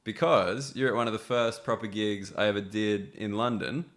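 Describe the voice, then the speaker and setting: A man's voice: lowish voice, normal speed. A young man hosting a podcast in casual chat, upbeat and teasing, laughing often as he talks. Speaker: podcast host.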